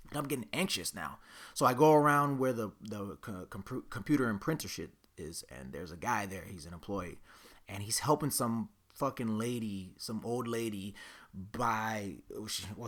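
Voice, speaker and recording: Young man, low-pitched, animated swearing podcast storyteller who voices both sides of the conversation. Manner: animated, profane, acts out quoted dialogue. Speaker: podcast host. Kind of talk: casual storytelling monologue.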